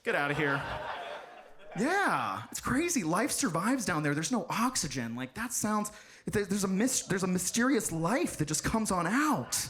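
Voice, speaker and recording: A stand-up comic with a high, bright voice that leaps all over the place. He talks loud and animated, breaking into shouts at his punchlines. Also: normal speed. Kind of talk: stand-up comedy set.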